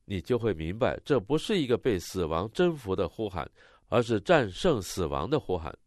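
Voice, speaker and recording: A man interpreting a sermon line by line, expressive and rising on the quoted cries. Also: lowish voice, moderate pace, no echo, clean studio sound.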